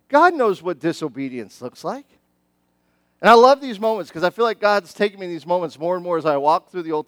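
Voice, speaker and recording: A middle-aged man preaching a sermon as pastor, animated and conversational, often restarting his sentences. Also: sits high, dry recording.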